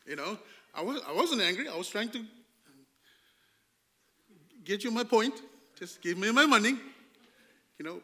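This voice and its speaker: Bright, high-voiced preaching man. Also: very animated, normal speed, pauses often. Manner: emphatic preaching, swinging from hushed to loud, with rhetorical questions. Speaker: pastor. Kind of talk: storytelling sermon.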